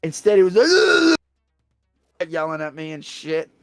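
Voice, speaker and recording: An Australian man hosting a stream, telling a story in a blunt, profane, animated way. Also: on the high side, quick pace, smooth, no room sound, clean studio sound, faint music behind. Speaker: streamer host. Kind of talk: casual storytelling chat.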